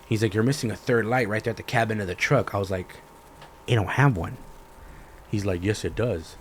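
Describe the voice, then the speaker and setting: A young man hosting a podcast, telling a story in a profane, animated rant and acting out both sides of the conversations. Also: lowish voice, a little fast, a little hiss or hum. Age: young adult. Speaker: podcast host. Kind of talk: ranting casual storytelling.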